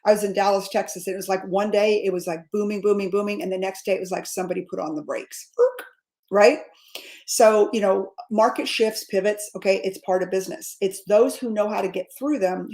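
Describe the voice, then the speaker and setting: A woman in her fifties, a sales coach giving an energetic, repetitive pep talk straight to her viewers, often calling them guys. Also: medium pitch. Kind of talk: motivational livestream talk.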